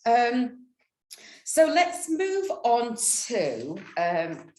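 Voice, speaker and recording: A woman's voice: on the high side, wildly swooping pitch, very slow, darkish tone, echoey room, a little hiss or hum. A woman from the United Kingdom hosting an interview, chatty, laughing often and quoting herself in asides. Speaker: interviewer host. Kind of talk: casual interview chat.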